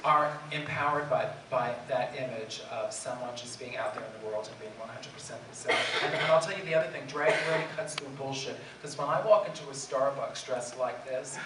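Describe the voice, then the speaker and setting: A man in his fifties with a Bronx accent, a drag performer telling comic stories on a convention panel, animated and laughing often. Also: medium pitch, a little fast, few pauses. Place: large convention hall. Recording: echoey hall from far off, background noise.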